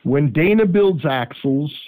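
A man's voice: on the high side, a little slow, narrow, tinny audio. A man hosting a call-in radio show, joking with callers and asking pointed questions. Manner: lively, joking, asks probing questions.

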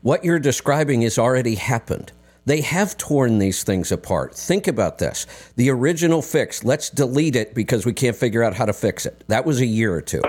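A man's voice: mid-range voice, expressive, normal speed, a little mellow. A man hosting a call-in radio show, emphatic and argumentative as he presses his point.

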